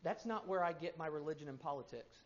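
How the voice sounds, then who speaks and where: High-voiced man preaching a sermon. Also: quick pace. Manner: dynamic preaching, swinging between loud emphasis and hushed tones. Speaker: pastor. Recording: muffled lo-fi sermon recording.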